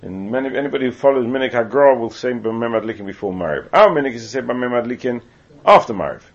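Gravelly-voiced man giving a Torah lesson. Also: medium pitch, lively intonation, fast. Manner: reads Hebrew text then explains in English, with asides. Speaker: Torah teacher. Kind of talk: Talmudic lecture. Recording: muffled lo-fi recording.

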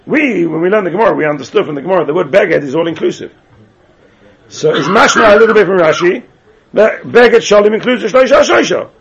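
A man's voice: high-pitched, lively intonation, brisk, fairly bright tone, husky. A man teaching a Talmud class, chanting phrases in a sing-song way and repeating his questions to the students. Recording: dull lo-fi class recording.

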